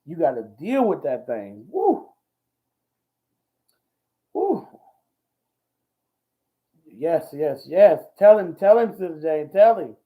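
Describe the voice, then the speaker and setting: A man hosting a ministry talk show, talking in a folksy, preachy way, repeating himself and whooping with excitement. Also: on the high side, takes it slowly, long pauses. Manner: exclamatory and repetitive, whooping with excitement. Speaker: host. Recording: dull lo-fi audio.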